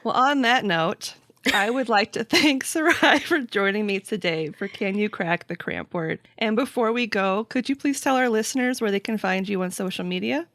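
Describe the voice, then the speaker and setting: A woman's voice: medium pitch, moderate pace, a bit bright, dry recording. A woman hosting a podcast, chatting casually and playfully with her guest. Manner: playful, acts out silly voices in jokes. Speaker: podcast host. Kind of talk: casual chat.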